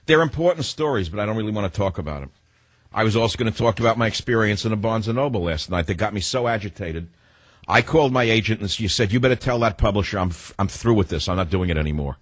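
A low, husky male voice, dry and close to the mic, running a talk radio show. He is in his sixties and rants in a combative, rambling way, drifting off into side stories. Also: expressive, fast talker, no echo. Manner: combative, rambling, digressive storytelling. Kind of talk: opinionated talk radio monologue.

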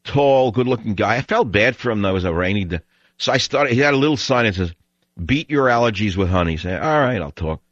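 Hosting call-in talk radio, he rants bluntly and scornfully in a monologue, his lowish voice expressive and quick. The studio broadcast microphone yields dull, dry radio audio with no room sound.

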